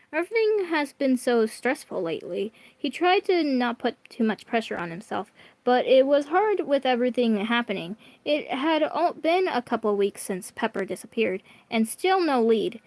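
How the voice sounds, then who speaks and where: A woman's voice: fairly high pitch, no room sound. A woman reading online fan fiction aloud in a casual, chatty way, often stumbling and correcting herself. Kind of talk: casual read-aloud with asides.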